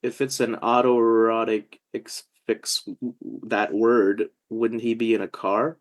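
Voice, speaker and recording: Halting, joking Indian-accented man. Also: on the low side, level tone. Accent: Indian English. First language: not English. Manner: joking, self-mocking, slow and halting. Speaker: podcast host. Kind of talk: casual chat.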